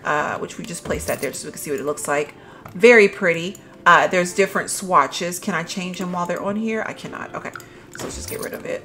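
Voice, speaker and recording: A young adult woman giving excited, gushing commentary while touring new items in a video game, often calling out "y'all" to her viewers. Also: medium pitch. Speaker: gaming YouTuber.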